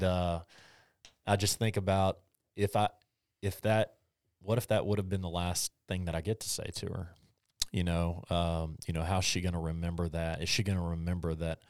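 Halting, emotional deep-voiced man. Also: dry recording, clean studio sound. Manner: halting, restarts often, emotional. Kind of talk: casual conversation about faith.

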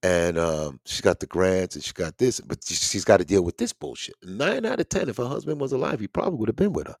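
A man's voice: lowish voice, very animated, fast talker, vocal fry, darkish tone, dry recording, studio quality. A middle-aged man hosting a show, telling a story in a casual, rambling monologue with blunt, profane street talk. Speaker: podcast host.

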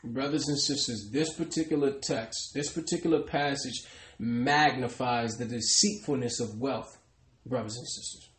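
A man's voice: medium pitch, moderate pace, fairly bright tone, roomy sound. A man preaching a sermon, stressing his points and calling out to the congregation again and again. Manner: emphatic, repeatedly addresses the congregation.

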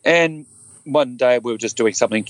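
With a mid-range voice at a moderate pace, an earnest man in his fifties speaks on a dry recording. He's a guest and former cop telling candid personal stories, animated and acting out what the people in them said.

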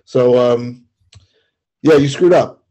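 A man's voice: mid-range voice, slow, mellow. A man co-hosting a podcast, talking bluntly and dismissively in casual chat. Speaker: podcast co-host.

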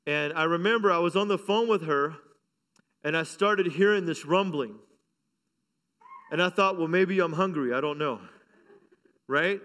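A man's voice: on the high side, fairly bright tone, smooth. A middle-aged man pastor preaching a sermon fervently, with call-outs and humor, in a church. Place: church sanctuary. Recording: long hall reverb.

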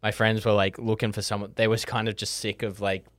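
A man who grew up in Europe, telling a story in casual chat, quoting his friends in high excited voices and saying "like" often. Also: brisk.

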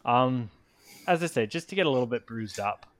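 A man talking casually as a player in a tabletop game, relaxed and halting. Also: medium pitch, no room sound. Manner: relaxed, laughing, with halting restarts.

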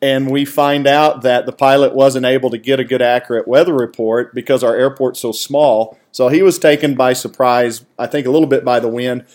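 Calm man adding to a shared story. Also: mid-range voice, normal speed, hardly any pauses. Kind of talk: casual storytelling.

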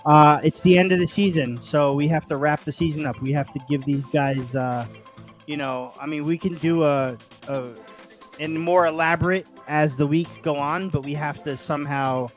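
An enthusiastic man co-hosts a casual football podcast in a slightly higher voice. He tells stories with animated energy. Faint music plays quietly under his voice. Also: normal speed. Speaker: podcast co-host.

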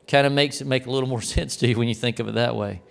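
A man's voice: medium pitch, steady tone, fast talker, creaky. A man speaking as a worship minister, giving an earnest, reflective devotional teaching with small restarts.

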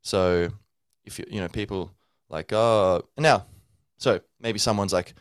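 A man's voice: deep voice, unhurried, hardly any pauses, smooth, dry recording, studio quality. A man hosting a podcast, speaking in a loose, rambling monologue full of fillers and sounding tired from little sleep. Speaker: podcast host.

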